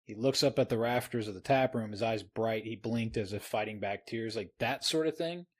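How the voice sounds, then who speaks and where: A man's voice: fairly low pitch, normal speed. A man co-hosting a podcast, talking enthusiastically about a novel with frequent word repeats. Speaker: podcast co-host. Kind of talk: casual book discussion.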